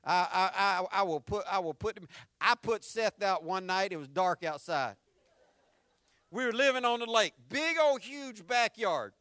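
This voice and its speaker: Bright, high-voiced preacher man. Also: measured pace, clear, resonant tone, dry recording. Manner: animated storytelling, swinging from loud punchy lines to hushed tender ones. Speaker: pastor. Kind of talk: sermon.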